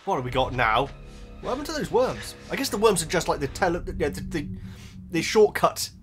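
A man hosting a film reaction, talking to the screen and cheering excitedly. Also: on the high side, a little fast, soft background music. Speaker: reaction video host.

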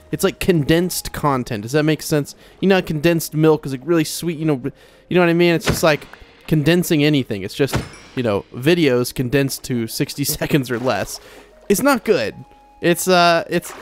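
A young man casually commenting while playing a game, chatty and rambling with lots of fillers and restarts. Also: mid-range voice. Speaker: let's play host. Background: soft game music.

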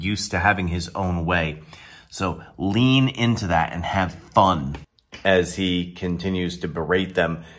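A man's voice: low voice, fairly bright tone. A man recapping his tabletop session and giving casual advice as a dungeon master, rambling along with many restarts.

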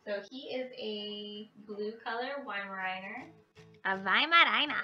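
A woman's voice: medium pitch, unhurried, sharp tone, lo-fi sound, soft background music. A woman vlogger chatting casually to the camera, with lots of fillers and small laughs. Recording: echoey room, mic at a distance.

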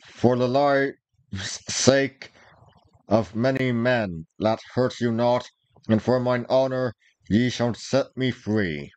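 A man's voice: medium pitch, slow pace, no echo, close to an everyday voice. A man reading aloud, voicing a proud, hot-tempered young male outlaw archer in old-fashioned speech. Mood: passionate. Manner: archaic, old-fashioned speech, forceful outbursts.

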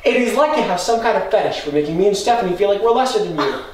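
A man's voice: high voice, lively intonation. A man playing a touchy, defensive movie buff. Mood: furious. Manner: quick, heated, swearing in argument. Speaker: lead actor. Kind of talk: indie film drama acting. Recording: far-off mic in an echoey room, faint noise.

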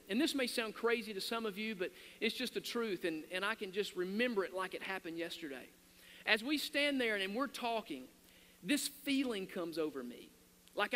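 A man's voice: high-pitched, pushed and bright. A man, a pastor, telling his personal story in an earnest sermon, often restarting his sentences. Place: church sanctuary. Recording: long hall reverb.

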